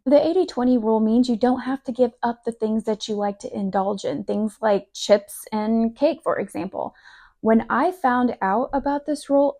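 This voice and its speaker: A woman's voice: a little high, dark tone. A woman, a parent, giving casual food advice in an upbeat, encouraging, chatty way. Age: adult parent. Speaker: lifestyle vlogger.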